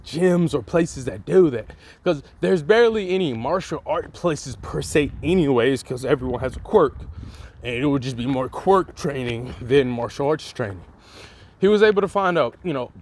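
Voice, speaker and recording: A man telling a fan-made what-if story in casual, slangy, profane rambling. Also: medium pitch.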